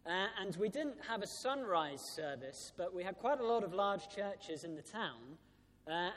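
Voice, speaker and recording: A man in his thirties, a Church of England vicar, giving an Easter sermon with a storytelling manner and frequent "uh" fillers. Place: large church. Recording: church PA with long reverb, faint rumble.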